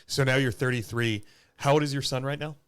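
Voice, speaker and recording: A man's voice: medium pitch, steady tone, brisk, fairly bright tone, clean tone. A man hosting a podcast, asking questions in an easygoing way and apologizing as he asks. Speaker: podcast host. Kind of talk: casual podcast conversation.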